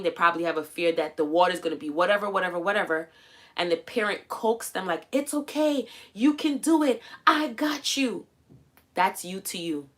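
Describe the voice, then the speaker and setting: A woman hosting a livestream, coaching viewers in a casual, animated way and acting out quoted voices as she goes. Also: medium pitch. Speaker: livestream host. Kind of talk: casual motivational livestream talk.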